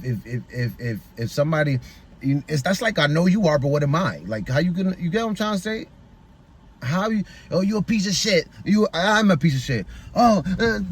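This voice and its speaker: A man's voice: fairly high pitch, husky. A frustrated young man venting in a rambling monologue, repeating himself often, recorded outdoors in a busy public area.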